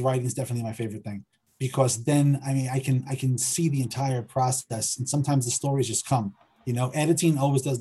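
A middle-aged man, a filmmaker and writer, talking through his process in a relaxed interview, often repeating words as he thinks. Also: mid-range voice, breathy edge. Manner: hesitant, repeats words while thinking aloud. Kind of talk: conversational interview.

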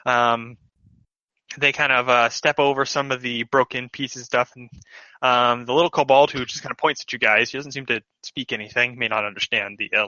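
Medium-pitched and bright, this game master's voice carries a forceful tone with no room sound around it. His narration wanders, full of fillers and restarts, and the lo-fi recording sounds dull.

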